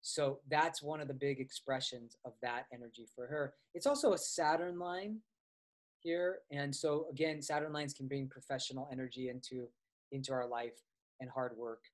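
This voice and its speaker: A man's voice: medium pitch, steady tone, normal speed. A man teaching astrology in a casual, conversational way, with frequent fillers and restarts as he tells personal stories. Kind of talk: casual explanatory lecture.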